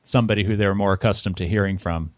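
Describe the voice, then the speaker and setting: A man's voice: deep voice, fairly even intonation, fast, no room sound. American male host, conversational and hesitant, dull lo-fi sound. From United States. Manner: conversational, hesitant restarts when asking questions. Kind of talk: casual interview. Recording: dry, muffled lo-fi sound.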